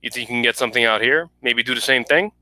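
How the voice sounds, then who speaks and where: A man's voice: mid-range voice, fast, pushed and bright, no room sound. A man voicing a harried, irritable president in a story reading, with an exasperated, clipped manner. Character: harried middle-aged male president, irritable.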